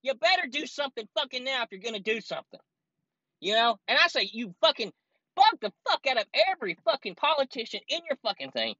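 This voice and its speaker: A man's voice: very high voice, sing-song, quick pace, bright, forceful tone, no room sound, lo-fi sound. A man hosting a solo podcast from his car, delivering a heated, profane, rambling rant. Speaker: podcast host. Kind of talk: ranting solo podcast recorded while driving. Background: air conditioner running.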